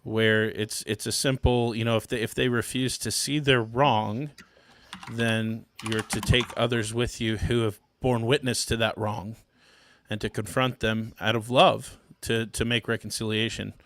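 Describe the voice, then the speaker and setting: A man who is a pastor, guesting on a podcast and explaining his view step by step in a measured way. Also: on the low side, flat delivery, a bit bright, a little hiss or hum. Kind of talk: casual theology discussion.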